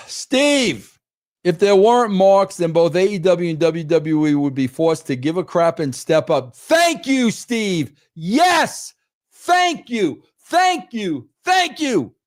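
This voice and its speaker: A man's voice: sits high, very animated, slow. A middle-aged man hosting a wrestling show, ranting in a crude, exasperated way and repeating himself for emphasis. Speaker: host. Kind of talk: ranting commentary.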